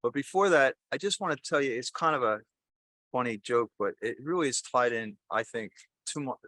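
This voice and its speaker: A man's voice: mid-range voice, fairly bright tone, no echo. An older man, a priest, giving a homily in a conversational, rambling way, mixing jokes with personal stories. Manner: conversational, rambling, self-correcting. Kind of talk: sermon with jokes and storytelling.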